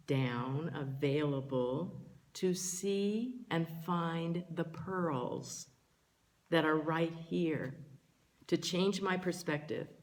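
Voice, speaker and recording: Slow, gentle older woman teacher. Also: on the low side. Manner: gentle, earnest, pausing often between phrases. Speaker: spiritual teacher. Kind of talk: slow reflective spiritual talk.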